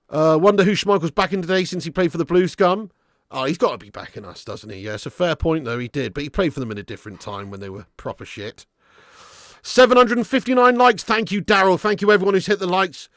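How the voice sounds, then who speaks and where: A man hosting a live football watch-along, excitable, yelling at the referee one moment and muttering the next, and chatting with his viewers. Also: no room sound, clean studio sound. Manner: excitable, yells at the referee, then drops to low muttering; swears and chats with live viewers. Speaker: fan channel host.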